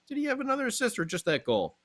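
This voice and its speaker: A man hosting a hockey podcast, recapping a game with animated fan enthusiasm. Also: very high-pitched, rapid-fire. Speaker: podcast host. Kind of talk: excited sports talk recap.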